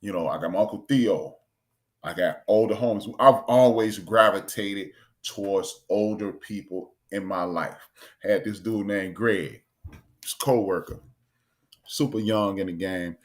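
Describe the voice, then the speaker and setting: A man, co-hosting a casual talk show and telling an animated story. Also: fairly low pitch, measured pace. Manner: storytelling, animated, acts out quotes. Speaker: podcast co-host. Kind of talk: casual chat.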